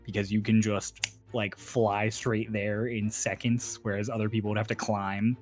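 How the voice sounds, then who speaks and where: A man's voice: fairly low pitch, little pitch movement, moderate pace, faint music behind. A man narrating a tabletop game as game master, laid-back and casual, swearing now and then.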